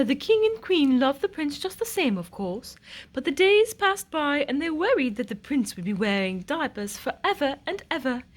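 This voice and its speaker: Woman reading a picture book aloud, high and very lively, sing-song storytelling.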